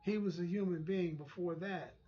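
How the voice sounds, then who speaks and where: A man's voice: high-pitched, normal speed, dull audio. A man hosting his own channel, delivering an impassioned, preachy commentary and repeating phrases for emphasis. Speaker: channel host.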